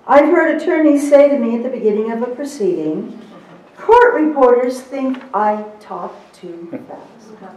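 A middle-aged woman presenting a live seminar to court reporters, emphatic and lively, with teasing asides. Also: fairly high pitch, a little slow, slight background noise. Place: seminar room. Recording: roomy echo, recorded from a distance.

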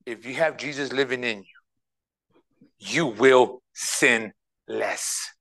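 A man preaching a sermon as pastor, reading scripture verse by verse and swinging between quiet asides and loud, emphatic passages. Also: on the high side, low-quality recording.

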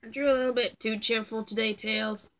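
High-voiced woman playing games, bright and sharp, yells at stuff a lot. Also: a little fast, slight background noise. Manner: excitable, yelps and shouts in reactions. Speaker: gamer. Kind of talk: casual game commentary.

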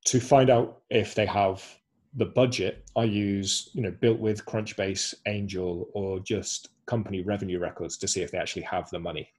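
Male webinar presenter, low-pitched, husky, explanatory, video-call sound. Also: steady tone, normal speed, darkish tone. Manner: explanatory, walks through screenshots.

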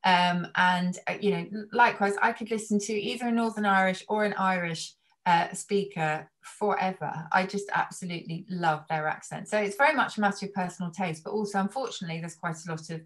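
A woman's voice: medium pitch, fairly quick, a bit bright. A middle-aged woman speaking as a guest in a casual chat, thoughtful and explanatory. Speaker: guest language expert.

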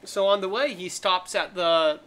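A man's voice: high voice, unhurried, pushed and bright. A man co-hosting a podcast, chatting casually about a movie, often restarting his sentences and laughing easily. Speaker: podcast co-host. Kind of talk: casual movie-review chat.

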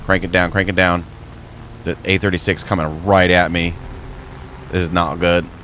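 A young man commentating his own flight game, muttering low play-by-play and yelping high and joking when things go wrong. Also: normal speed, a little hiss or hum. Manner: excitable, jokey, yelps high when in trouble. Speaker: gaming streamer. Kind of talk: gameplay commentary.

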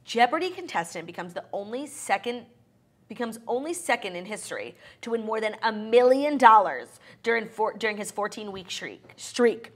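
A woman's voice: on the high side, expressive, moderate pace. Young woman, casual podcast co-host, chatty and loose. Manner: chatty, filler-heavy, swears casually. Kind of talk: casual chat.

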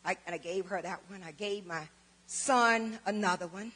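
A woman's voice: medium pitch, normal speed, a bit bright, husky. A woman, giving a church testimony and dramatically acting out both sides of conversations. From Southern United States. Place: church sanctuary. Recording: long church hall reverb.

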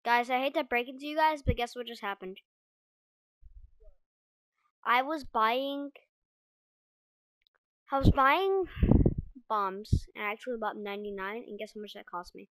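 A woman giving casual gameplay commentary, chatting to her viewers and reacting quickly as she plays. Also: a little high, steady tone, dry recording, rough recording. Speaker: gaming video creator.

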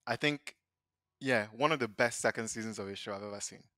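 A man co-hosting a podcast in a casual TV recap chat, earnest and measured as he weighs his opinions. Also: lowish voice, bright, forceful tone, no echo, studio quality. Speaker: podcast co-host.

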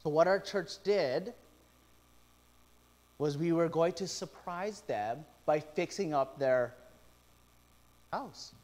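A middle-aged male pastor preaching a sermon, telling stories with lively quoted asides. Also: on the high side, slow pace, long pauses. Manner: animated storytelling with quoted asides.

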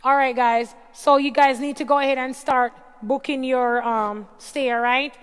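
A woman hosts a casual livestream in a high voice, calling out viewers' names and greeting each in turn. Her voice sounds a little worn. A long reverb trails behind her words. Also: fairly even intonation, moderate pace, clean tone. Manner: reads out viewer names and greets them warmly one by one. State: voice tiring. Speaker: livestream host.

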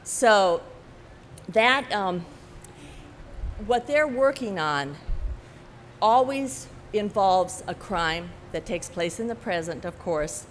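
A woman's voice: mid-range voice, slight background noise. Older woman author telling stories in a hall. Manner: animated storytelling, frequent "you know", laughs at her own anecdotes. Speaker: author giving a talk. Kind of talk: festival talk to an audience. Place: large hall at a book festival. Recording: echoey hall with faint ambience.

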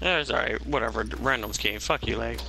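A man's voice: mid-range voice, fairly quick, gravelly, sharp tone, slight background noise, rough recording. A young man giving live gameplay commentary, ranting and swearing in exasperation at his teammate. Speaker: gamer.

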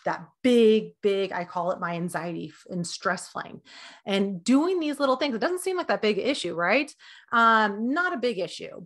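A woman's voice: mid-range voice, fairly bright tone. A woman in her thirties, a dietitian, giving casual health advice in a chatty way, with lots of fillers and acted-out quotes.

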